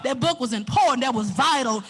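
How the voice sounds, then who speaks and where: Southern woman preacher, high bright voice, animated, hushed to shouting. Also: fairly quick, slightly rough, faint music behind. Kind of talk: sermon.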